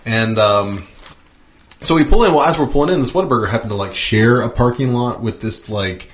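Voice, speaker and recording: A man's voice: mid-range voice, fairly quick. A man co-hosting a casual podcast, telling a story loosely with many fillers and restarts. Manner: rambling, lots of fillers and restarts. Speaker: podcast co-host.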